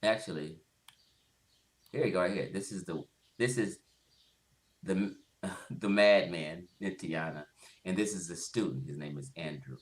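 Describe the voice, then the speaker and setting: A man's voice: low voice, a little slow, pauses often, echoey room. A man giving blunt, profane commentary on a livestream, laughing often as he goes.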